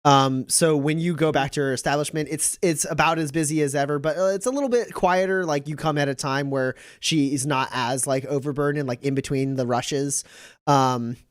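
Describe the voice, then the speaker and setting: A man's voice: fairly high pitch, normal speed, clean tone, no echo, studio quality. A man narrating as game master of a tabletop game, loose and rambling with lots of filler.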